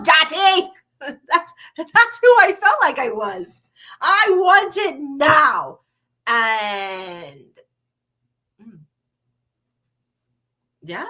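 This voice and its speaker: Older lady talking slow and candid on her podcast, bright voice, laughs a bit. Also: on the high side. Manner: candid, with laughs and mild swearing. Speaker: podcast host. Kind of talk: casual monologue.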